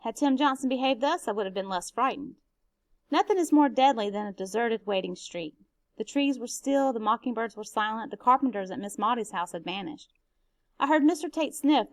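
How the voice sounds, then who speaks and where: Woman teacher, reading aloud, expressive, dry close sound. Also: a little high, no echo.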